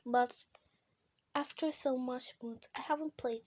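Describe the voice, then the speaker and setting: A high-pitched woman with talks through a mobile game in an unhurried way, breaking into gasps and shrieks whenever things get close. Her voice sits dry and close, with no room sound around it. It is casual gameplay chatter. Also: no room sound. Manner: excitable, gasping and shrieking at close calls. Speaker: gamer.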